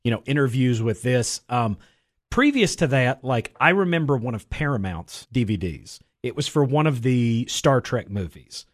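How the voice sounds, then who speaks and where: Guy rambling on a film podcast, lively up and down voice, lots of likes and ums. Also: medium pitch, normal speed. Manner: rambling, lots of fillers, animated bits. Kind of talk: casual chat.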